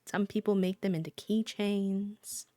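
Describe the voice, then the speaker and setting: A woman's voice: mid-range voice, steady tone, measured pace, dark tone, no room sound, clean studio sound. A woman live streamer chatting casually and playfully with her viewers, breaking into sing-song countdowns.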